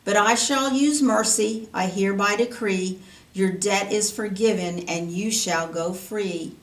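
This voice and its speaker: A woman voicing a kindly old king who speaks slowly and grandly, heard roomy and from a distance. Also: medium pitch, lightly acted. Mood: solemn. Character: kindly old male king, stern when wronged.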